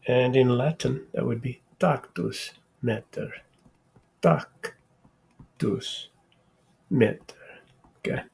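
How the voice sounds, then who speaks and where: Slow gravelly man lecturing math. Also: mid-range voice, a little mellow. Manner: slow, halting, repeats words, says "okay?" often. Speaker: math channel host.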